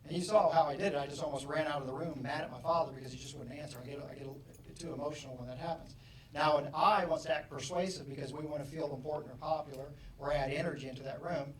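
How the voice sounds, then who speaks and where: A man giving a motivational seminar talk, acting out both sides of a story and rising to mock shouting. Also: a little high, fairly even intonation, fast. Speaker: motivational speaker. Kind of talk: live seminar talk with acted-out anecdotes. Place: seminar room with an audience. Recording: echoey room, distant mic.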